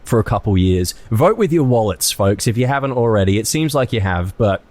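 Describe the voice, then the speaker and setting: A man's voice: on the low side, expressive, a little fast, a little mellow. A man co-hosting a casual gaming podcast, making joking asides. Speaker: podcast co-host. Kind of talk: casual chat.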